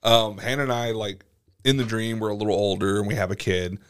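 A man's voice: fairly low pitch, a little fast, clean tone. A man co-hosting a podcast, telling stories in casual chat, cursing freely and laughing often. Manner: swears a lot, laughs often, animated storytelling. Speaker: podcast co-host.

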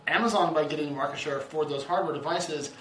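A man co-hosting a casual tech chat, quick and wry, dropping dry jokes. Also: fairly high pitch, fairly bright tone. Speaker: co-host and editor. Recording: echoey room with faint noise.

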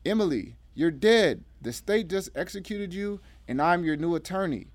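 A man reading aloud, voicing a determined woman attorney who shouts urgently, with a dry sound. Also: fairly low pitch, expressive, normal speed, no room sound, pitched above the performer's own voice, close to an everyday voice. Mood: firm.

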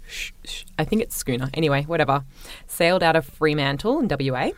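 A woman's voice: deep voice, expressive, quick pace, no room sound. A young Australian woman co-hosting a podcast, telling a story in a chatty, swearing, laughing way. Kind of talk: casual chat. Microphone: podcast microphone.

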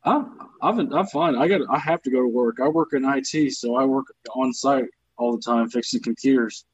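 A man's voice: medium pitch, fairly quick, breathy edge, dry recording, dull audio. A man who grew up in the American South, telling stories as a comedian guest on a podcast in a casual, self-deprecating, profane way. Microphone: remote video call.

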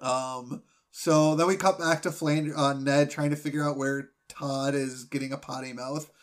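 A man's voice: mid-range voice, fairly even intonation, unhurried. A man co-hosting a podcast in casual chat, rambling through recaps and laughing often. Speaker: podcast co-host.

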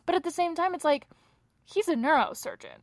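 A young woman co-hosting a true crime podcast, telling the case in a chatty, animated way and laughing often, tired from little sleep. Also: very high voice, a little fast, no echo, clean studio sound. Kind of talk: casual true crime chat.

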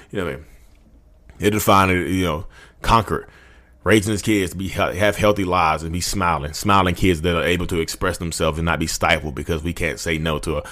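A man's voice: sits low, a bit bright. A man in his thirties, a podcast host giving a rambling, fervent motivational rant that addresses listeners directly. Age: 30s.

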